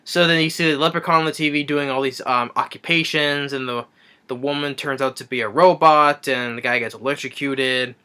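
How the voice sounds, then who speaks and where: A man's voice: medium pitch, fairly even intonation, a little fast, pushed and bright, clear, resonant tone. A man giving a rambling, sarcastic movie review rant, recapping the plot with frequent restarts.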